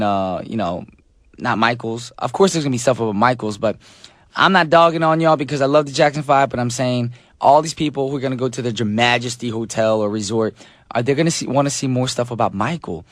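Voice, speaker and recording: Hoarse radio DJ, chatty. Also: male voice, medium pitch, brisk, no echo, clean studio sound. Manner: chatty, joking, many fillers. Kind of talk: casual radio chat.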